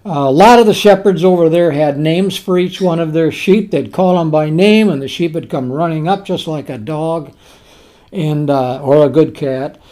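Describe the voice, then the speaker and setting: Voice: medium pitch, moderate pace, dark tone. A preacher delivering a sermon on a parable in a folksy, conversational way, repeating key words for emphasis.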